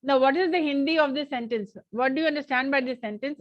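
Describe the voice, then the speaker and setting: A woman's voice: sits high, quick pace, muffled recording. A woman with an Indian English accent teaching a grammar workshop in an online class, explaining step by step and switching between English and Hindi. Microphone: online class recording.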